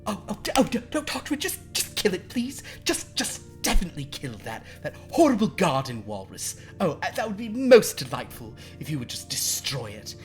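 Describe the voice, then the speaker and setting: A man's voice: high-pitched, sing-song, a little fast, few pauses, faint music behind, voice pushed up. A man voicing a flamboyant, vain male fae with fluttery, theatrical exclamations. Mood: pleading, gushing.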